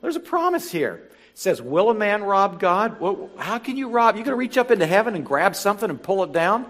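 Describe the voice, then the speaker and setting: A man preaching a sermon, reading scripture slowly and building to emphatic, animated exhortation. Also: high voice. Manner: reads scripture slowly and deliberately. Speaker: pastor.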